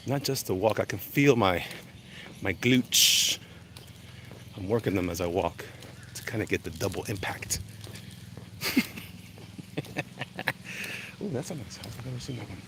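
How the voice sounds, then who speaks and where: A man's voice: mid-range voice, a bit bright, slight background noise. Breathless man livestreaming on a walk. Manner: reads chat names aloud, greets viewers, rambling. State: slightly out of breath from brisk walking. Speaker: comic artist livestreaming. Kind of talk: casual live-stream chat while walking. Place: outdoors walking through a neighborhood.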